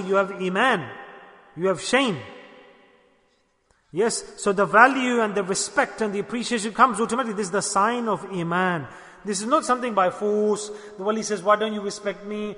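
High-voiced, bright preacher in a hall. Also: male voice. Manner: emphatic, repeats lines and asks the audience questions. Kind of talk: sermon. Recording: long hall reverb.

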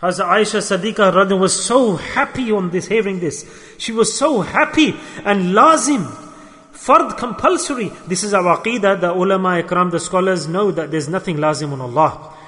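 A man's voice: high voice, fairly quick, fairly bright tone. A man preaching a sermon with fervent storytelling and repeated exclamations. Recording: echoey hall reverb.

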